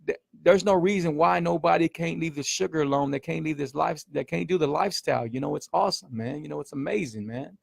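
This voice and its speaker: Speaking fast with vocal fry in a fairly high voice, a middle-aged man hosts a casual keto-coaching livestream. His delivery is emphatic and repetitive, full of "man" and "y'all," and the studio recording is dry.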